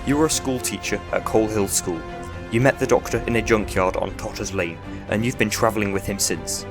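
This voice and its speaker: A man's voice: on the low side, brisk, over music, lightly acted. A man voicing a cheerful, eccentric and ancient male time traveller in a fan audio drama, speaking breezily. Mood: calm.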